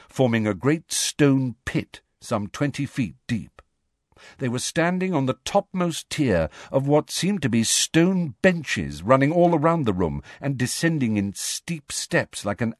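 A man reading a novel aloud as an audiobook narrator, in a measured storytelling manner. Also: mid-range voice, no echo, studio quality. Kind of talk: scripted narration.

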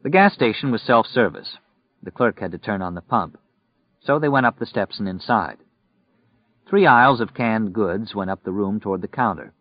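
Low-voiced man narrating steadily. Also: expressive, moderate pace, no echo. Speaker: audiobook narrator. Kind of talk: scripted narration. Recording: dry, muffled recording.

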